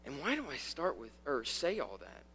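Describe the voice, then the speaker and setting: A youth pastor preaching a conversational sermon, swinging from loud, fast bursts to quiet, slow lines and repeating key phrases for emphasis. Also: male voice, medium pitch, wildly swooping pitch, creaky, slight background noise.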